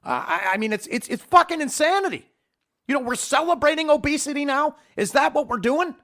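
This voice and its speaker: His voice is extremely high, expressive, and fairly bright, moving at a fairly quick clip. The man hosts a podcast from a home studio, ranting with heat, emphasis, and plenty of profanity.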